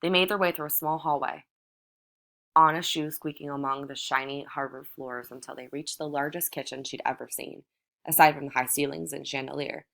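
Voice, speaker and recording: A woman reads a novel aloud in a measured, even manner. Her voice sits low and steady. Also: gravelly. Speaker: audiobook reader. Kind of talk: novel narration read aloud.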